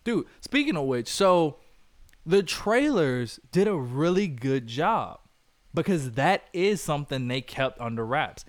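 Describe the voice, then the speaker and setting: A man co-hosting a casual movie review podcast, talking in an animated way, laughing often and acting out lines from scenes. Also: on the high side, unhurried, no room sound, clean studio sound. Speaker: podcast co-host.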